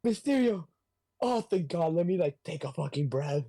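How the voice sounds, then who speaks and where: A man's voice: on the high side, normal speed. Spider-Man, a man doing a wisecracking, cursing hero voice. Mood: relieved. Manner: excitable, quips and curses. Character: wisecracking young male superhero, quippy and frazzled.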